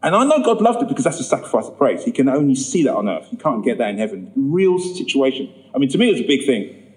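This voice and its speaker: A man telling his personal testimony in a sermon, acting out the voices in his story and rising high when he gets emphatic. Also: very animated, fast talker, a little mellow, low-quality recording. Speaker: preacher giving testimony.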